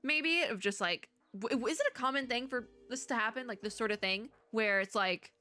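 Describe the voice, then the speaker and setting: A woman streamer with a bright, forward voice talks through a story game, reading lines aloud and trailing off into chatty asides. Her throat sounds strained, and she laughs often between thoughts. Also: a little high, expressive, fairly quick, few pauses. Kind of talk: casual gameplay commentary and reading aloud.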